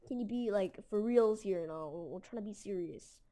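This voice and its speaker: A woman voicing an irritable female fast-food worker at a drive-through, who talks in a snappy, defensive way. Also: medium pitch, mellow, close to an everyday voice. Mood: irritated.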